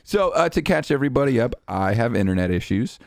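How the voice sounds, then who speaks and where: A man's voice: mid-range voice, sing-song, fast, dry recording, studio quality. A man hosting a casual podcast, joking around with his guests and cracking dad jokes. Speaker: podcast host.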